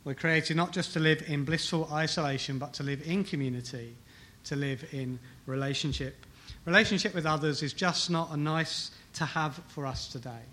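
In a church hall with a congregation, a pastor preaches at a moderate pace in a bright, forceful voice pitched slightly high. He presses on key phrases, repeats them, and keeps putting rhetorical questions to the room.

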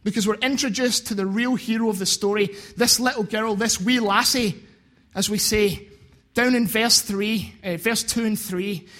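A man's voice: high-pitched, steady tone, moderate pace, a bit bright. A man preaching a sermon, earnest and repeating phrases for emphasis.

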